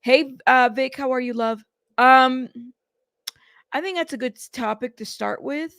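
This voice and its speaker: A woman's voice: sits high, a little slow, gravelly, a bit bright, clear, resonant tone, no echo, clean studio sound. A woman hosting a casual news livestream, greeting chatters by name in a chatty way. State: out of breath.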